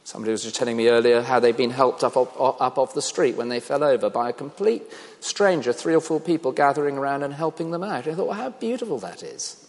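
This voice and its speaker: A man's voice: medium pitch, animated, fast. A man preaching a sermon, reflective, asking the congregation questions. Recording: long reverb of a large hall.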